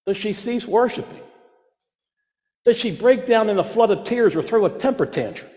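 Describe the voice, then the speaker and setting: A man's voice: high voice, expressive, normal speed, mellow. A man preaching a sermon, emphatic, repeating his key phrases for weight. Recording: long reverb of a large hall.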